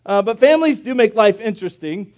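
A man's voice: sits high, animated, brisk, a little mellow. A male pastor preaching a sermon in a church, telling folksy jokes as he goes. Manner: folksy, joking storyteller. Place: church sanctuary.

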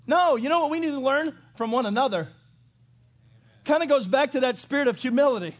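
Preaching with animation, a middle-aged pastor with a very high, brisk voice acts out quotes and erupts now and then into loud shouts.

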